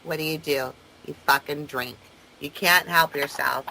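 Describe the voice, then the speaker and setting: Caller, phone argument, taunting, mocking, gravelly, bright. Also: medium pitch, steady tone, measured pace, low-quality recording. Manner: taunting, mocking, sing-song jeers. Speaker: caller on a prank three-way call.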